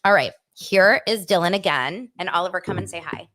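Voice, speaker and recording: A woman's voice: fairly low pitch, fairly quick, a bit bright. A middle-aged woman hosting a casual live stream, chatty and upbeat, gushing like a proud mom. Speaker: host.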